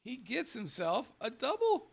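A man co-hosting a casual podcast, reading out listener names with playful, animated banter that drops into murmured asides. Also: very high-pitched, a little slow, vocal fry. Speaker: co-host.

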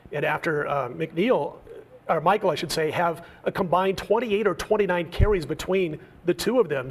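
A man in his forties from Nebraska, giving punchy, opinionated analysis as a regular on a sports betting talk show. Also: high-pitched. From Nebraska, USA.

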